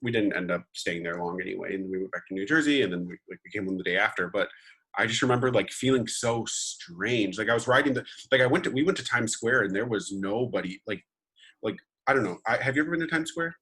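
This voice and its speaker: A man's voice: on the low side, fast talker, fairly bright tone, slightly rough. A young man co-hosting a podcast, chatting casually in a rambling way. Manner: rambling, many fillers and restarts. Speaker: podcast co-host. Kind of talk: casual chat.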